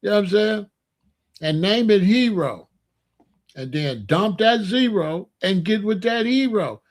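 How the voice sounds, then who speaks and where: Joking high-voiced man giving advice. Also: lively intonation, measured pace. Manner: playful, loose and joking, with street slang and asides to the ladies. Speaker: online talk host giving relationship advice. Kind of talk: casual advice monologue.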